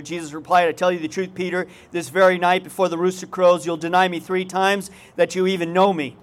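A man's voice: high voice, flat delivery, fairly quick, few pauses. A male pastor preaching a sermon in a conversational way, with folksy asides and questions to the congregation.

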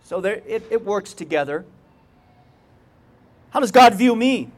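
A man's voice: high voice, animated, measured pace. A male pastor preaching a sermon in a conversational way, with folksy asides and questions to the congregation.

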